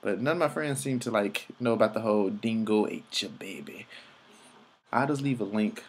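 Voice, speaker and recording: Young male vlogger, lowish voice, rambling and casual, swears freely. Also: normal speed, slightly rough. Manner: rambling, loose, profane, filler-heavy. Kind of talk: casual travel vlog narration.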